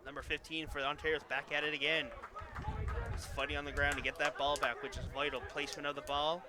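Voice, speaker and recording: A man's voice: a little high, flat delivery, fast talker, noisy background. A man with a Newfoundland accent giving easygoing, chatty live rugby commentary on the radio. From Newfoundland, Canada. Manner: chatty, easygoing, banters with co-host.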